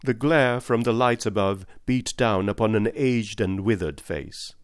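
A man narrating a classic detective story in a measured storytelling manner. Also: on the low side, dry recording, clean studio sound.

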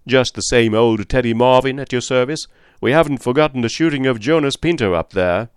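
A man voicing a gruff, good-humoured middle-aged police captain who talks in a bluff, bantering way. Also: mid-range voice, brisk, dry recording, studio quality, pitched above the performer's own voice, lightly acted.

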